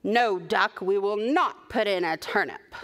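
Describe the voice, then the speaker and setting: A woman voicing a sensible mouse and pig in a picture book, gently correcting a silly friend. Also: medium pitch, measured pace, natural voice. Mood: patient firm. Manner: firm, correcting kindly.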